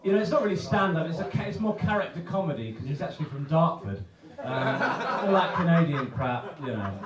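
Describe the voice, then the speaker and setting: A man's voice: on the high side, lively intonation, fairly quick. Guy hosting a comedy night, dry asides, big crowd noise, sounds far away and echoey. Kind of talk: casual remarks between acts. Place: comedy pub stage. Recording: distant roomy mic with loud audience.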